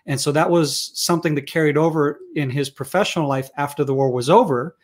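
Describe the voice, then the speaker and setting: A middle-aged man from Israel speaks with a fairly high voice in a relaxed interview. He tells stories in an animated way and laughs often. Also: a little fast. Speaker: interview guest. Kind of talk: conversational interview.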